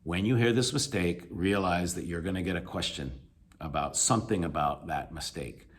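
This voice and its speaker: A man with a slightly low voice giving a recorded video lecture to his class. He explains step by step, circles back often with fillers and self-corrections, and leans hard on the key points. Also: moderate pace. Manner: emphatic, encouraging. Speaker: English teacher.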